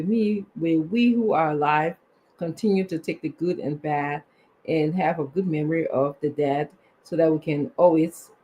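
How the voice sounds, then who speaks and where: A man's voice: fairly high pitch, mellow, a little hiss or hum. A man, co-hosting a live show and reading out viewers' names, sometimes stumbling over them. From Liberia. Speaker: co-host.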